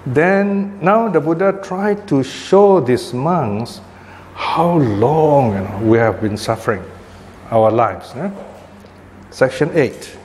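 A man's voice: medium pitch, expressive, slow, a little mellow. Man teaching scripture in a reverberant hall. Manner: explanatory, checks in with listeners often. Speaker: Buddhist teacher. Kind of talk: dharma talk explaining a scripture. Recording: long hall reverb, faint background noise.

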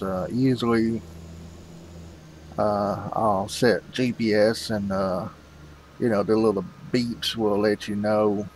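A man's voice: lowish voice, darkish tone, slight background noise, poor audio. A man hosting a farming game video, rambling casually and calling his viewers "folks". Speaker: gaming channel host.

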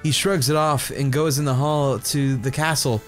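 A man's voice: mid-range voice, steady tone, normal speed, faint music behind. A man in his twenties reading a fanfic aloud while playing a game, casual and stumbling, swearing at his own slips. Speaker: YouTuber.

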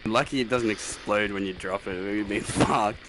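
A man's voice: on the low side, moderate pace, background noise. Teasing man on game voice chat. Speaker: fellow player. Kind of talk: casual gaming chat.

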